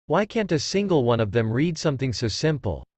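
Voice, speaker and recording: A man's voice: mid-range voice, very animated, fairly quick, darkish tone, no echo. A man voicing an arrogant, all-powerful male demon lord who talks scornfully and boastfully.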